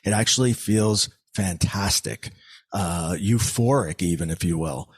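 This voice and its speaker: A man with a fairly low voice tells a personal story as a podcast guest. He speaks earnestly and often restarts his sentences, filling pauses with "um" and repeated words. The sound is dry and close, with no room echo. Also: slightly rough. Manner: earnest, many restarts and fillers.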